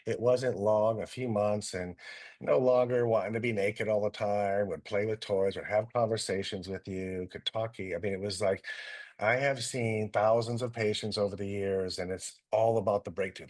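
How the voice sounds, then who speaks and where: A middle-aged man, a doctor, telling lively anecdotes and acting out what people said. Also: fairly low pitch. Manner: animated anecdotes, acting out quotes. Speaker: guest doctor. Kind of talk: storytelling in a talk.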